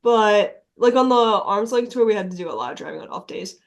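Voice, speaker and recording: A woman's voice: mid-range voice, expressive, fairly quick, slight background noise. A woman musician guesting on a podcast, blunt and swearing freely, laughing through her stories. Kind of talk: casual chat.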